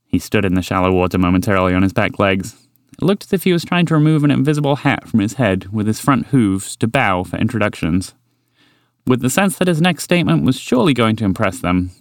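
A man narrating a children's story with an expressive reading. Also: low-pitched, fairly quick, no room sound, studio quality.

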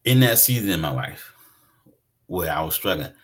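A man's voice: sits low, big pitch swings, normal speed. A man preaching a conversational sermon, emphatic and repeating his phrases for weight.

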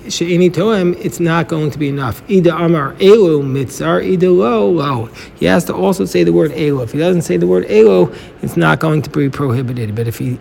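A man teaches a daily Talmud page, walking through the text step by step and dropping in Hebrew and Aramaic phrases. His voice sits a little high for a man. The sound rings with a long hall reverb. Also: vocal fry, darkish tone, slight background noise. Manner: explains step by step, mixing Hebrew and Aramaic terms.

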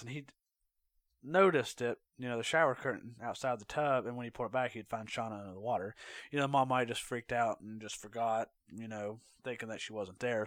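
Male true crime podcaster, mid pitch, casual and unpolished, dry close sound. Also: fairly bright tone, no echo. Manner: conversational, with fillers, self-corrections and asides.

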